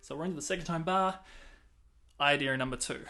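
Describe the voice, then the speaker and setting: A man talks through a clarinet lesson in a casual way, counting beats and singing little rhythms as he goes. His voice sits a bit on the high side, with a faint hiss of noise under it. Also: fairly even intonation, quick pace, a bit bright. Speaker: clarinet teacher. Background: clarinet playing between talk.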